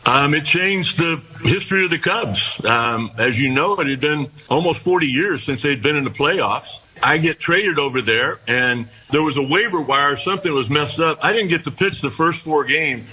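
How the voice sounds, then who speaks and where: An older man, a former baseball pitcher, telling long rambling anecdotes in a casual interview, often restarting his sentences. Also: animated, moderate pace, few pauses, pushed and bright, poor audio. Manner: rambling anecdotes with repeated starts and quoted dialogue.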